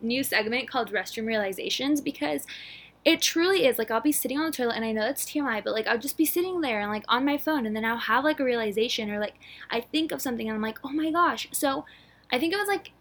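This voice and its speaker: A woman in her twenties hosting a casual solo podcast, bubbly and rushed, with lots of filler words and a slightly breathless delivery. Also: on the high side, animated, a bit bright. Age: 20s. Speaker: podcast host.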